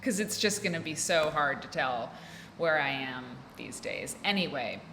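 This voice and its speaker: A woman's voice: low voice, expressive, measured pace, noisy background. An American woman hosting a casual solo chat, rambling and interrupting herself as she talks from an office room. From United States. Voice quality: rambling, chatty, self-interrupting. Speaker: podcast host. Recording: roomy echo with faint ambience.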